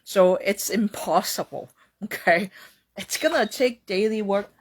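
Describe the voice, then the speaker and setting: A woman hosting a casual self-help talk, often ending her points with "okay?" or "right?" and acting out quoted reactions in a higher voice. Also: a little slow, a little hiss or hum. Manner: tags sentences with "okay?" and "right?". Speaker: host.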